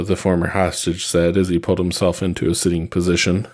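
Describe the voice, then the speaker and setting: Man, deep voice, story reader, steady even narration. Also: brisk, hardly any pauses. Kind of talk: reading fan fiction aloud.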